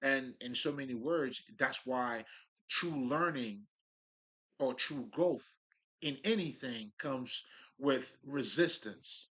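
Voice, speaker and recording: A man's voice: mid-range voice, slow pace, sharp tone. A man giving a casual, profane spiritual monologue, talking loosely with frequent restarts and slang. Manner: loose, profane street talk, restarts and laughs. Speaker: spiritual speaker.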